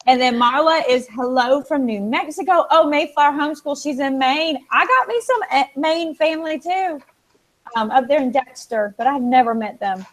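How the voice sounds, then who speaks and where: A woman hosting a casual live stream, chatting excitedly with viewers, reading out their comments and filling pauses with ums and restarts. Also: sits high, poor audio. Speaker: livestream host.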